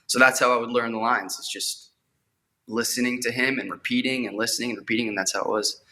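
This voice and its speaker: A man's voice: medium pitch, fairly even intonation, quick pace, pushed and bright. A young man, an actor, talking eagerly in a casual interview and often repeating words as he goes. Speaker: actor guest.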